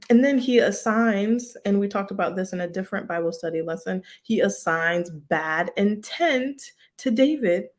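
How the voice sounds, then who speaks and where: A woman teaching a casual Bible study in a chatty way, full of "like" and "um" and quick laughs. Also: mid-range voice. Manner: chatty, lots of "like" and "um", laughs often.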